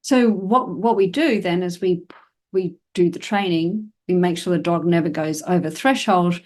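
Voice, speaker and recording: A woman's voice: lowish voice, moderate pace, a little mellow. A woman hosting a podcast about dog training, explaining in a casual, conversational way with frequent fillers and acted-out examples.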